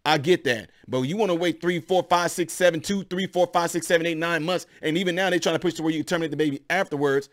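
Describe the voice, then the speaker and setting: A man's voice: on the high side, quick pace, few pauses. A man hosting his own channel, giving heated, rambling opinion commentary to his viewers. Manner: animated, rambling, addresses viewers as y'all.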